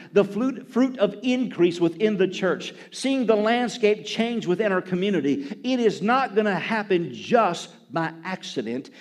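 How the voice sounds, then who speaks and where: High-voiced impassioned male preacher. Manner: impassioned preaching, builds to loud exclamations. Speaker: pastor. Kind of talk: sermon.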